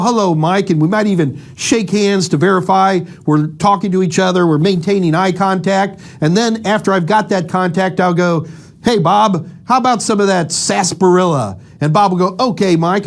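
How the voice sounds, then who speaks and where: A middle-aged man giving a casual explanatory lecture, lively and acting out little dialogues to make his points. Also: sits high. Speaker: instructor.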